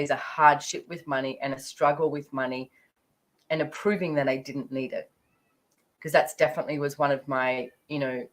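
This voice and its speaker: This is a middle-aged woman with a notably low, deep speaking voice. She tells a personal story in a loose, chatty way, rambling and filling her talk with small asides. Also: rough recording. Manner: chatty, rambling, full of fillers. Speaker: speaker sharing her money journey.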